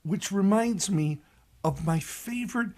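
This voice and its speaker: A high-pitched man in his sixties with a lilt talks on the radio as a pastor. He tells his stories with animation and raises his voice sharply for the punchlines. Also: measured pace. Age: 60s. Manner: animated storyteller who shouts the punchlines. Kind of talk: radio reflection and joke telling.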